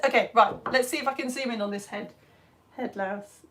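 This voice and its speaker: A woman's voice: on the high side, normal speed. Chatty woman with a cold hosting a live show. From United Kingdom. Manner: chatty, lively, often giggly, drops to soft asides. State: has a cough and cold. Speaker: host of a live science show for children. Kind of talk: casual live-stream chat reading comments. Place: at home on the sofa.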